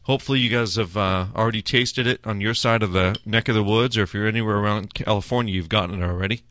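On the low side and talking fast, this man is heard with a little hiss or hum in the recording. He's the host of a food and beer show, relaxed and chatty during a beer tasting, with many filler "uh"s.

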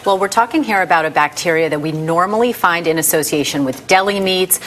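A woman medical correspondent giving clear explanations in a news interview. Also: on the low side, brisk, fairly bright tone, a little hiss or hum.

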